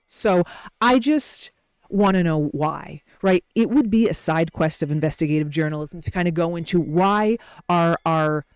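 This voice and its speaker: A woman's voice: lowish voice, darkish tone, clean tone, dry recording. A woman hosting a wellness video, talking casually and unscripted in a rambling, self-correcting way. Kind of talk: casual unscripted talk to camera.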